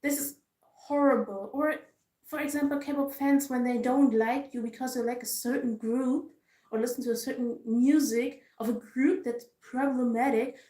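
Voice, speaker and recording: A woman's voice: sits high, fairly even intonation, moderate pace, dark tone. A woman vlogger giving casual ranting commentary, frustrated and emphatic, repeating herself for stress. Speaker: K-pop vlogger. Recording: roomy echo.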